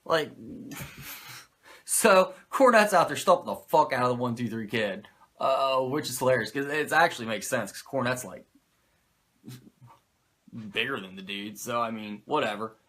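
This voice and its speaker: This wrestling show reviewer speaks at medium pitch and normal speed, animated, with a bright, forceful tone. Recapping an old episode, he rambles casually, swears freely, drifts into tangents, and pokes fun at himself.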